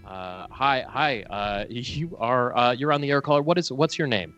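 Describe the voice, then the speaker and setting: A man's voice: mid-range voice, moderate pace, fairly bright tone, smooth, dull audio, faint music behind. Hesitant man hosting a mock quiz. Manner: hesitant, full of uh's and restarts. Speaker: co-host playing game-show host. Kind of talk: comedic call-in banter. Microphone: video call setup.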